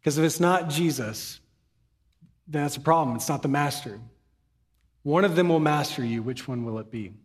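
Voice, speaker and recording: A man's voice: on the high side, normal speed, pauses often, big-room sound. A man giving a sermon as pastor, earnest and conversational, with humorous asides, in a church sanctuary.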